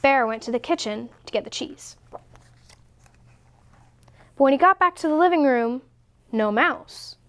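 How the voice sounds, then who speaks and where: A woman reading a children's picture book aloud in a slow, expressive way. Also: high voice. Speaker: story reader. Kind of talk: storybook read-aloud.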